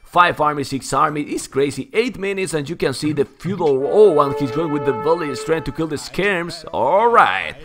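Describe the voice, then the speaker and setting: Excitable Spanish-accented man casting a game. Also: a little high, moderate pace, hardly any pauses, music in the background. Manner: excitable, keeps saying "man", surges into shouts when hyped. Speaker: esports caster. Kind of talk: live game commentary.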